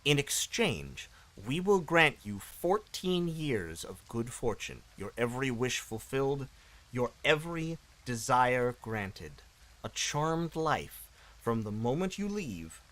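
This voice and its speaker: A man voicing an ancient female demon queen in a raspy, slow and menacing voice. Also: medium pitch, very animated, fairly bright tone, low-quality recording. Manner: slow, drawn-out, looming delivery.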